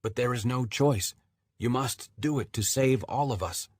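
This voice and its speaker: Audiobook: a man doing an insistent disembodied male shard, voice pitched up and pushed louder, slightly husky. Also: normal speed, no room sound, clean studio sound, natural voice. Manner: insistent, urgent questioning. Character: disembodied male personality shard, urgent and commanding.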